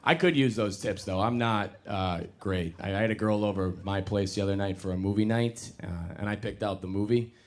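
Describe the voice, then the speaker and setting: A young man doing a stand-up comedy set on a club stage, self-mocking and animated, jumping into loud put-on voices. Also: lowish voice, fairly quick, hardly any pauses, background noise.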